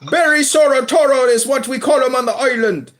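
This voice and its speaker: A man in a live audio chat room arguing politics in an exaggerated put-on Jamaican-style accent, shouting insults and laughing mockingly. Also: very high voice, fairly quick.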